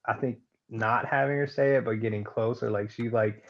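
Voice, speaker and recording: A man with a gravelly, fry-heavy voice chats loosely on a podcast. He takes his time getting to a point. His voice comes through a dull, lo-fi mic. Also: mid-range voice, moderate pace. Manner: relaxed, laughing, roundabout. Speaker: podcast co-host. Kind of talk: casual chat.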